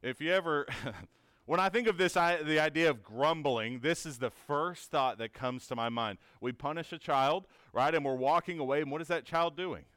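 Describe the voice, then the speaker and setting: A man's voice: on the high side, normal speed, fairly bright tone, clean tone, no room sound. A man teaching a conversational Bible lesson in an earnest, encouraging way, asking many rhetorical questions and often checking in with "right?".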